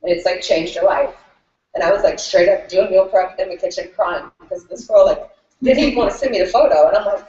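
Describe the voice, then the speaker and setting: A woman's voice: medium pitch, fairly quick, dark tone. Emotional chatty woman, off-mic in a roomy space. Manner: chatty, says "like" a lot. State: emotional, near tears. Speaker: fitness coach. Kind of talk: emotional group sharing. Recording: distant mic in an echoey room, dull.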